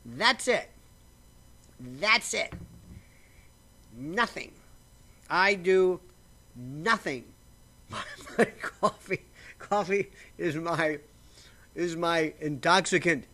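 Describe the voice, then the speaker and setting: A man with a bright, forceful voice that leaps up and down as he talks. He rambles and restarts his sentences in a casual monologue to camera, sipping coffee now and then. It was recorded in a bare-bones home setup, and his voice sits a touch higher than most men's. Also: extremely slow, long pauses. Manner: rambling and animated, frequent restarts; slurps coffee while talking. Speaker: vlogger.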